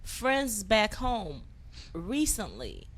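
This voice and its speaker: A woman's voice: mid-range voice, wildly swooping pitch, very slow, a bit bright. A young woman co-hosting a casual talk show, speaking earnestly. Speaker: co-host. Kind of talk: casual chat.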